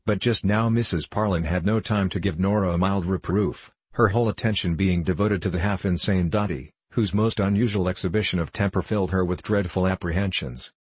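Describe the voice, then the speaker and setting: Guy reading an old kids' book aloud, real low voice, kinda husky. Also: fairly quick, few pauses, darkish tone, dry recording. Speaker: audiobook reader. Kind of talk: scripted narration of a children's book.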